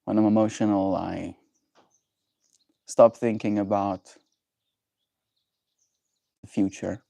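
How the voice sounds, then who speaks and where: Guy on a livestream talking slow and gentle, low mellow voice, dry sound. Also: little pitch movement, vocal fry, dry recording. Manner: gentle, musing, thoughtful pauses. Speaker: livestream host. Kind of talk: reflective livestream chat.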